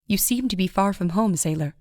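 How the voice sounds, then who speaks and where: A woman's voice: medium pitch, brisk, no echo, studio quality, natural voice. A woman voicing a proud, guarded woodland witch, curt and commanding, in an audiobook. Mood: stern. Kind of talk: audiobook narration.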